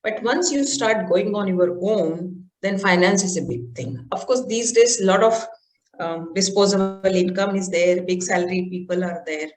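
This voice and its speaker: A woman with an Indian English accent, a mountaineer guest in a podcast interview, explaining things step by step with frequent "uh" pauses. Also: medium pitch, darkish tone. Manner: explains step by step with many "uh" fillers. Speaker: guest, mountaineer and marathon runner. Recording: roomy echo.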